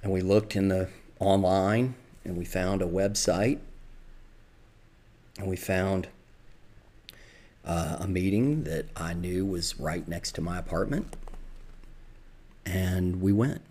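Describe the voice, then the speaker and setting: A man's voice: low voice, slow, pauses often, mellow. A middle-aged man with a Southern American accent, telling his own recovery story in a reflective, confessional way. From Southern United States. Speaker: podcast storyteller.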